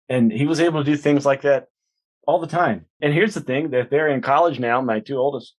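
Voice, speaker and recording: A minister and author in his forties chats as a guest in a casual interview, speaking at a medium pitch and a little fast. He tells stories with frequent restarts and plenty of "you know."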